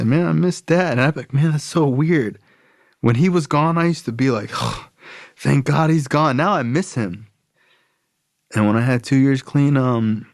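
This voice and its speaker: A man's voice: fairly low pitch, vocal fry, no echo, studio quality. A man sharing his life story as a podcast guest, blunt and profane, with emphatic repetition. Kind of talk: personal storytelling.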